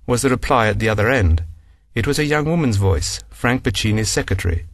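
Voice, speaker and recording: A man's voice: medium pitch, lively intonation, fairly quick, vocal fry, no echo. A man narrating a scripted story and announcing numbered sections. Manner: reads numbered sections aloud.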